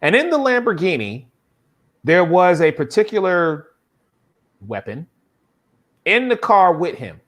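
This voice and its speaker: Animated man hosting a sports talk show. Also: high-pitched, unhurried, pauses often. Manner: animated, exclaiming, throws questions to panel. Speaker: podcast host.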